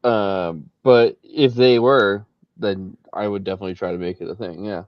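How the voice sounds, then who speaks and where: A man's voice: lowish voice, steady tone, normal speed, dry recording, dull audio. A laid-back man chatting casually on a podcast, giving short, easy replies. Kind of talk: casual chat.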